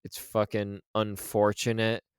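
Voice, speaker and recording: Slow, clear-voiced man talking film. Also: lowish voice, no echo, clean studio sound. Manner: relaxed, swears freely, acts out quoted lines. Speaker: podcast co-host. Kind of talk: casual film discussion.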